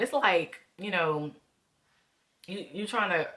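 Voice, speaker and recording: A woman's voice: deep voice, takes it slowly, pauses often, pushed and bright. A woman talking openly to her viewers in a reflective vlog, calling them "y'all" as she works through her emotions. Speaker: vlogger. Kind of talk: candid reflective vlog talk.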